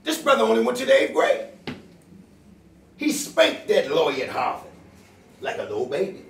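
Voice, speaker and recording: An older man giving an impassioned, emotional speech to a crowd at a town hall, calling out to the audience and swinging between loud outbursts and low asides. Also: wildly swooping pitch, normal speed, vocal fry, slight background noise. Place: bookstore meeting room. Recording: echoey room, voice from far off.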